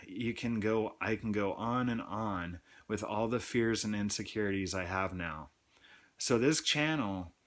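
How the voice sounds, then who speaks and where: A man in his thirties hosting his own channel, telling a personal testimony in a halting, confessional way with many restarts. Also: on the low side, fairly bright tone. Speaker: channel host.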